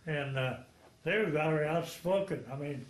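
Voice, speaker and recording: This is a man in his nineties from Texas, a World War II veteran, whose fairly high voice moves at normal speed through a reverberant room. Giving an oral history interview, he rambles through frank stories punctuated by chuckles.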